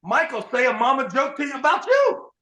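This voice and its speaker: A man hosting a podcast, telling profane, animated stories in casual chat. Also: very high voice, brisk, reverberant, poor audio. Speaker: podcast host.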